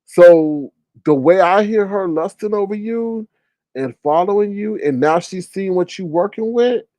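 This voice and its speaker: A man hosting casual gossip commentary, talking in an animated, incredulous way and swearing freely. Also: high-pitched, measured pace, no echo. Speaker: commentary channel host.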